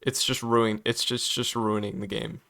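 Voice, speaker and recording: A man's voice: lowish voice, level tone, normal speed, creaky, bright, forceful tone. A young man giving an unscripted opinion vlog about a game, hesitant and apologetic, stammering often and using many fillers. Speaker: gaming YouTuber.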